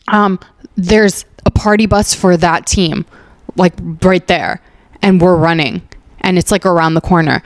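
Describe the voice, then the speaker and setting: A woman's voice: fairly low pitch, dry recording. A woman comedian hosting her podcast and telling a rambling, profane comic story, filling her talk with "like" and acting out other people's lines. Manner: profane, rambling, heavy on "like" fillers; acts out other people's lines in animated voices. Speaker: podcast host and stand-up comedian.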